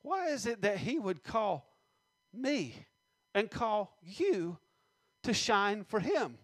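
A man preaching a sermon, reading scripture slowly and stressing words, with many questions to the congregation. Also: high voice, very animated, a bit bright, no room sound.

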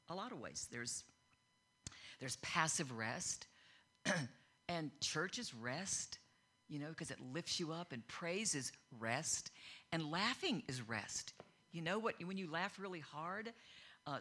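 A woman's voice: low voice, a bit bright. A middle-aged woman giving a sermon built on her own story, telling it conversationally and acting out the voices she quotes. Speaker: speaker at a church gathering. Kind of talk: personal testimony sermon.

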